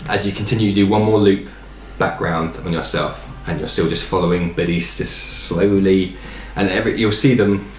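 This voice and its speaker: A man narrating a tabletop game as dungeon master, in a relaxed, rambling way with fillers. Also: sits low, normal speed, few pauses, roomy sound, slight background noise.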